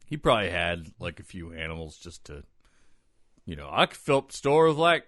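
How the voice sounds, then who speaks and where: Podcast host, man, low voice with lively swings, dry close mic, jokey storyteller. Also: a little fast, no room sound. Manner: animated storyteller, swears, laughs often, slips into silly voices. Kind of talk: casual comedic podcast chat.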